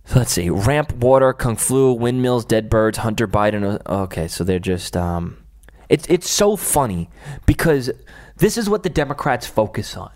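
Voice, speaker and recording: A man's voice: medium pitch, animated, moderate pace, darkish tone. A man hosts a political commentary livestream and reacts to clips. He slips into angry, profane ranting, then trails off into sarcastic asides. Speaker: livestream host.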